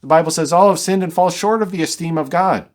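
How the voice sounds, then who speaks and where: A man's voice: a little high, fast talker. A man teaching a verse-by-verse Bible study, reading scripture and explaining it conversationally with dry, wry asides.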